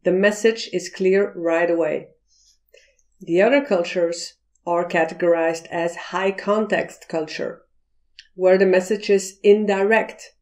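A woman gives a video lesson in a slow, unhurried way, weighing each phrase. She explains things deliberately and slips into little acted-out voices for her examples. Her pitch sits in the middle range. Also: darkish tone. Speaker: cross-cultural communication teacher.

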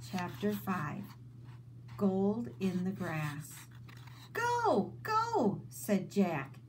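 A woman teacher reading a children's book aloud, in slow, expressive storytelling. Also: fairly low pitch, a little hiss or hum, rough recording.

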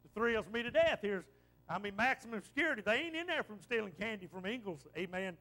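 A man's voice: high voice, expressive, quick pace, bright, forceful tone. A man from western North Carolina with a Southern Appalachian accent, preaching a folksy storytelling sermon in church.

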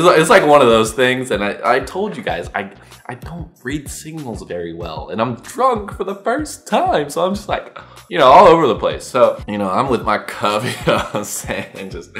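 A man's voice: lowish voice, big pitch swings, moderate pace, a bit bright, soft background music. A young man telling a story on his vlog, slangy and profane, acting out his own past lines. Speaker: vlogger.

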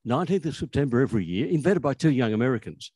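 A man's voice: mid-range voice, very animated, very fast, mellow, breathy edge, no echo. An older Australian man giving a conversational, anecdotal talk about language history, with frequent restarts. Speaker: author speaking on language history.

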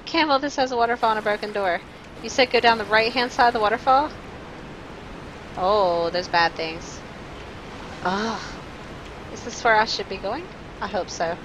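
A woman streaming live gameplay, talking to her chat in a jumpy, nervous way with quick laughs. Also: medium pitch, fairly bright tone, slight background noise, poor audio. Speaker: game streamer.

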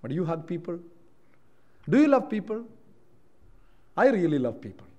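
A man with an Indian English accent preaches in a church hall, his voice sitting high for a man. He drops low and quiet for reflection, then rises loud and insistent on repeated points. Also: very animated, moderate pace. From Kerala, India. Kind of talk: sermon.

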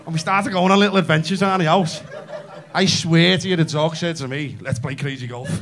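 A Scouse man in his thirties working a comedy club crowd with a stage mic. His voice sits high for a man, and he races through his stories with brash, sweary energy. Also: steady tone. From Liverpool, England. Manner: brash, sweary, fast storytelling. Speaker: stand-up comedian. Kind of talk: stand-up comedy.

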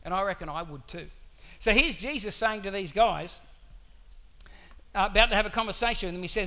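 A male pastor preaching to his church in a conversational, animated way, full of rhetorical questions. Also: sits high, fast. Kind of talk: sermon.

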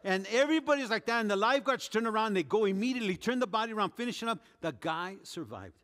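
A man with a notably high voice preaching a sermon, telling the story vividly and acting out the quoted speech of the people in it. His voice rings with a long hall reverb, as if in a church sanctuary. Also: expressive, quick pace, a bit bright. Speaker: pastor.

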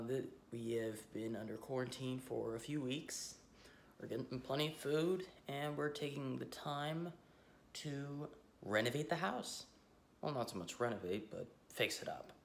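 A man's voice: medium pitch, vocal fry, slight background noise. A man vlogging a casual tour of his home, talking in a rambling, hesitant, offhand way. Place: at home, indoors.

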